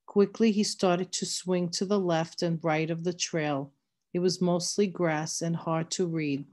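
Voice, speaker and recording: A woman reading a novel aloud in steady, measured narration. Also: fairly low pitch. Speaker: reader.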